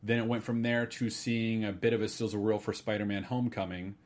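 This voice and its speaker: A man hosting a casual podcast, his voice sitting a little low. He rambles through his guesses, trips over restarts and fillers, then perks up for quick animated asides. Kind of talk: casual movie news chat.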